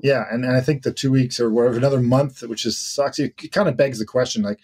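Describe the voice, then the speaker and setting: A man's voice: mid-range voice, fairly even intonation, fast, darkish tone, breathy edge. A man co-hosting a current-events podcast in casual, rambling chat. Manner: conversational, rambling with restarts and asides. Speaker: podcast co-host.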